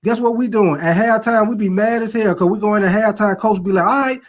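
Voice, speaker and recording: A middle-aged man with a high, fairly even voice hosts a casual live-streamed sports talk show, speaking a little fast. Loose and joking, he reads viewer comments aloud and tells profane stories, laughing at them himself.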